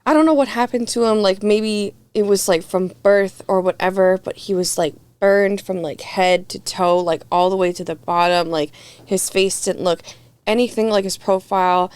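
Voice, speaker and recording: A young woman tells a story on a podcast in a loose, candid way. She swears freely and fills her talk with "like", and she acts out what people said. Her pitch sits in a middle range. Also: fairly even intonation, moderate pace, darkish tone, smooth. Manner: candid, profane, heavy "like" filler, acts out quotes. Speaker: podcast guest. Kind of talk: casual storytelling chat.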